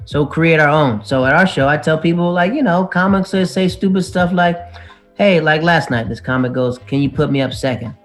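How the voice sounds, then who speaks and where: A man, a stand-up comedian, chatting as a guest on a podcast and telling animated stories with acted-out quotes. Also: on the high side, moderate pace, faint music behind. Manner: animated storyteller who acts out other people's lines. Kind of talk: casual podcast chat.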